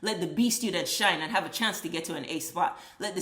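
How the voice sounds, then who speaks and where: Female vlogger, low register, emphatic and profane monologue, roomy echo. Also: brisk, few pauses, fairly bright tone. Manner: blunt, profane, emphatic ranting. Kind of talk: impassioned opinion monologue. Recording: echoey room.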